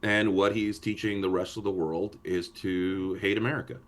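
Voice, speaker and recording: Low male voice, casual podcast co-host, animated and joking, talks over others. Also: normal speed. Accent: anglophone Montreal French. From born in London, raised in Canada. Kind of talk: casual chat.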